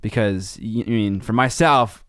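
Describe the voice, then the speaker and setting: A man co-hosting a casual podcast, relaxed and chatty, with many fillers. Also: fairly low pitch, unhurried, clear, resonant tone, dry recording, studio quality. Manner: relaxed, chatty, filler-heavy with likes and ums. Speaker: podcast co-host.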